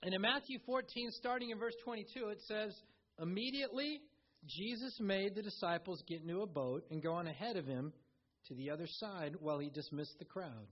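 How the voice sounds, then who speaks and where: Man, pastor, sermon, very high voice, casual preaching, dull lo-fi sound. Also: a little fast, slightly rough. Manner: conversational preaching with acted-out quotes.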